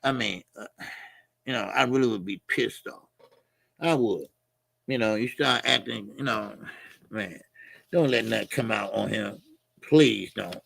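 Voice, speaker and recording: A man hosting a boxing commentary stream, ranting in a loud, animated, profane way with frequent shouting and asides. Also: mid-range voice, creaky, no echo, clean studio sound. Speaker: boxing commentary channel host.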